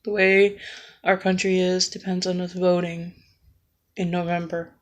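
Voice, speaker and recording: A woman giving an earnest, halting political rant in a vlog, emotional and tearful. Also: lowish voice, little pitch movement. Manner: earnest, pleading, slow and halting.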